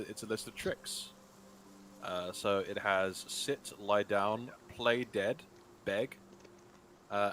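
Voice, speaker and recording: A man's voice: on the low side, a bit bright, slight background noise. A man in casual play at a tabletop game, rambling and laughing as he talks. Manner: rambling, full of fillers and laughs.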